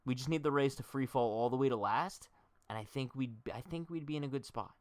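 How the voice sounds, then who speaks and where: A young man hosts a casual baseball livestream, joking and chatting directly with his viewers. His mid-range voice is brisk, with no room sound.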